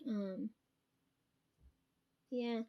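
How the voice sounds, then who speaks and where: A young woman with a hoarse voice tells a rambling, profane personal story at home, with many ums and restarts. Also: a little high, steady tone, drawn-out words, dull audio. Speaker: vlogger.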